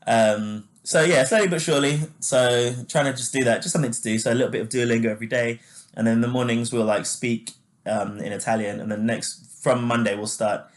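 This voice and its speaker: A man co-hosting a podcast at an ordinary mid pitch. He talks freely in casual chat, full of fillers. He laughs easily as he goes. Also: steady tone, fairly quick. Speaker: podcast co-host.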